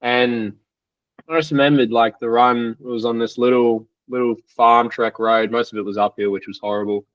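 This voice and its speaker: A man's voice: mid-range voice, fairly even intonation, normal speed, a bit bright, no room sound, far from the mic, highs cut off. A young man, a triathlete guest, telling stories in a casual podcast interview, rambling and full of "like" fillers. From Australia.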